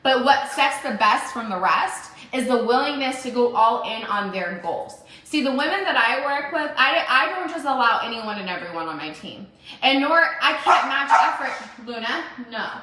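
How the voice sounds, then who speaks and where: Bright-voiced woman in an echoey room. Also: a little high, expressive, normal speed. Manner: emphatic, repeats phrases for stress. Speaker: entrepreneur vlogger. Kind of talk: motivational self-recorded vlog. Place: home room with dogs.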